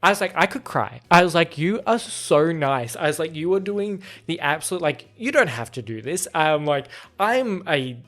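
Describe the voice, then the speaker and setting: A man's voice: moderate pace, hardly any pauses, soft background music. A young man hosting a podcast, telling a personal story in casual chat and acting out the quotes. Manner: animated, acts out quotes in a higher voice. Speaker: podcast host.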